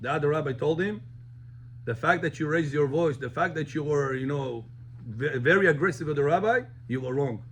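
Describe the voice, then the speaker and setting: A man, a rabbi telling a story to his class in an animated way, mixing in words. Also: fairly high pitch, a little fast, slight background noise. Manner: animated, switches between English and Russian.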